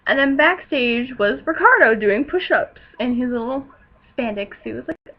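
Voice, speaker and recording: Excitable teenage girl gushing. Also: a little high, moderate pace, lo-fi sound. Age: teens. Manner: gushing, excitable, with loud outbursts. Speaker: wrestling show reviewer. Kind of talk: casual recap.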